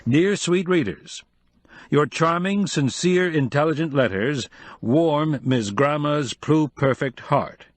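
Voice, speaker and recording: A man voicing a prim, grandmotherly female advice columnist with a sugary, slow, schoolmarmish way of speaking. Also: fairly high pitch, no room sound.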